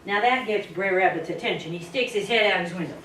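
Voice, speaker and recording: A woman at a speaking club telling a folk tale in a dramatic, playful way, swooping in pitch and volume. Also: fairly quick, a bit bright. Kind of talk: animated folk-tale storytelling. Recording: echoey room, distant mic, faint hiss.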